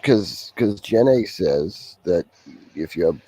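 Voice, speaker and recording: Husky low man with a Massachusetts accent. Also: lively intonation, slow pace, mellow, low-quality recording. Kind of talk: casual banter.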